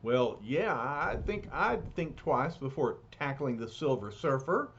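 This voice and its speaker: A man reading a comic story aloud with dramatic narration. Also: mid-range voice. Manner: slow, animated, dramatic narration. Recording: dull lo-fi recording.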